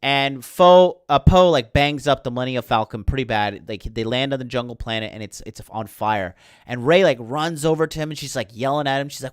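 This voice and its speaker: A man's voice: medium pitch, fairly quick, clear, resonant tone, no echo, studio quality. A man hosting a livestream and ranting in a heated, profane, rambling way, sleepless late at night. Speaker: podcast host.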